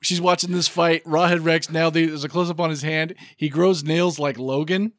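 Higher-voiced guy cracking wry jokes about a movie, laughs a lot, dry close sound. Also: fairly even intonation, normal speed, fairly bright tone, dry recording. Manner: wry, joking asides, laughs often. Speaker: podcast co-host. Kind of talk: casual movie recap chat.

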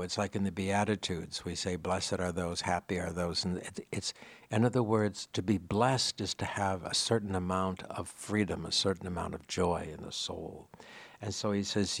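A man with a deep, low voice delivers a sermon, unpacking scripture in a thoughtful, explanatory way. He teaches with easy conversational asides, and the sound is close and dry with no room echo. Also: steady tone, normal speed, vocal fry, husky. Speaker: preacher.

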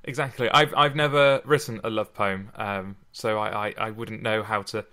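A man hosting a podcast, talking over a poem in a thoughtful, halting way, with frequent restarts. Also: on the low side, fairly even intonation, bright, forceful tone. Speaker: podcast host. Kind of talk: casual discussion.

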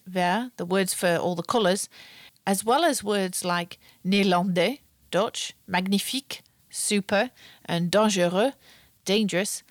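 A middle-aged woman hosting a podcast, explaining language topics in a clear, teacherly way and chatting casually with a guest. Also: mid-range voice, no echo. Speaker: podcast host. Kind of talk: scripted podcast narration and casual chat. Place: back garden.

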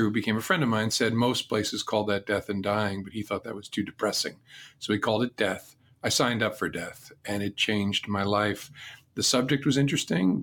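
A man's voice: on the low side, fairly bright tone. Earnest middle-aged man telling stories. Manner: earnest, reflective storyteller. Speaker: interview guest. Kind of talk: storytelling interview answers.

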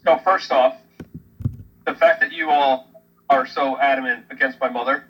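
A man's voice: mid-range voice, steady tone, moderate pace, highs cut off, slight background noise. A young man co-hosting a casual chat, blunt and emphatic in his opinions. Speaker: podcast co-host.

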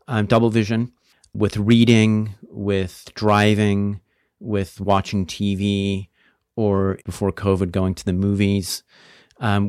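A male neurologist walking through bedside tests step by step in a brisk, explanatory manner. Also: lowish voice, darkish tone, clear, resonant tone, no room sound, clean studio sound. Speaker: neurologist, guest doctor. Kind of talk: clinical explanation in an interview.

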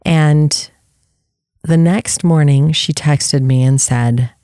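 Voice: medium pitch, takes it slowly, dark tone, clean tone, dry recording, studio quality. A podcast host talking candidly and reflectively about personal experience, often restarting sentences while searching for words.

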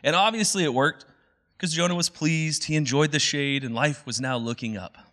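Bright-voiced, animated male pastor. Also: a little high, normal speed. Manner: casual, animated, conversational. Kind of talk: sermon.

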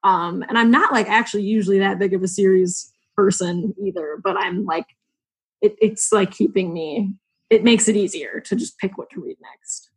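A woman's voice: medium pitch, moderate pace, husky. A woman on a casual podcast chat, rambling and searching for words, with lots of "like". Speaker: podcast guest.

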